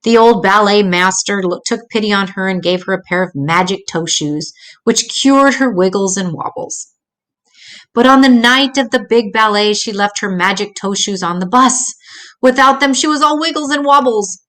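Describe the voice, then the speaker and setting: An older woman, a grandmother storyteller, reading a children's picture book aloud in a gentle, expressive way with small slips. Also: mid-range voice, moderate pace.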